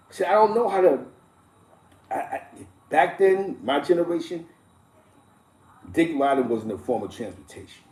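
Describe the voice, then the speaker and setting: A middle-aged man riffing in blunt, profane street talk, animated and chuckling as he tells stories. His voice sits a little high for a man. It bounces around a roomy, echoey space. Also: moderate pace, long pauses. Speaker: live-stream host. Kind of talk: casual street-talk commentary. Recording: roomy echo.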